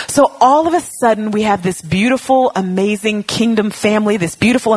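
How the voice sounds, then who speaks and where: A woman preaches with a husky, slightly breathy voice, animated and heartfelt. She acts out her own side and God's replies. The sound is close and dry. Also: medium pitch, dry recording. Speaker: pastor. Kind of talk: sermon.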